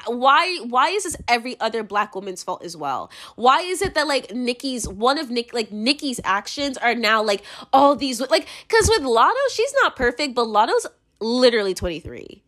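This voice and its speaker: A young American woman talks through her opinions in a loose, rambling monologue. Her voice sits high and swings widely up and down. She is blunt, swears freely and fills her sentences with "like". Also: a bit bright. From United States. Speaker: commentator.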